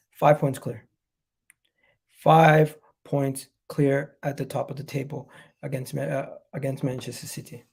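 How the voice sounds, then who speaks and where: A man's voice: fairly high pitch, vocal fry, dark tone. A man with a cold and a nasal voice, hosting a live fan reaction stream about his football club, talking in an emphatic, repetitive, hyped way. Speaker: football fan channel host.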